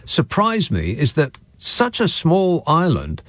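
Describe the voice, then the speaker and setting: A man's voice: fairly high pitch, huge pitch swings, slow pace, a bit bright, no room sound. A man with an English accent hosting a late-night radio phone-in, dry and sardonic with callers. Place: radio studio. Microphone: studio microphone.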